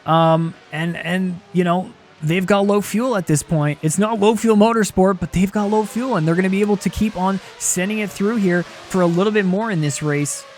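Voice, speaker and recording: A young man commentating a sim racing league race live, excitable and quick to shout at close battles. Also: sits high, a little hiss or hum.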